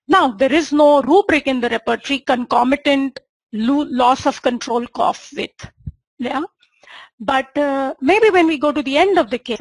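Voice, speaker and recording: A woman's voice: sits high, no room sound, poor audio. A woman with an Indian English accent, teaching homeopathy and retelling a patient's case, often checking in with her listeners. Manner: retells the patient's words in first person, with frequent "yeah?" checks. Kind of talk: lecture presenting a case.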